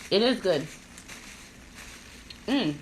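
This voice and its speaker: A woman's voice: mid-range voice, animated, extremely slow, a little hiss or hum. A woman who grew up in Trinidad, hosting a casual podcast while eating and chatting, laughing easily and talking with her mouth full. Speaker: podcast host.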